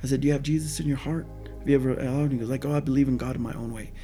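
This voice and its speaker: A man speaks rapid-fire in a mid-range voice, with faint music playing behind him. As a guest sharing his testimony in casual conversation, he tells a personal faith story in an animated way, acting out and quoting the dialogue, and sometimes drops to a near whisper.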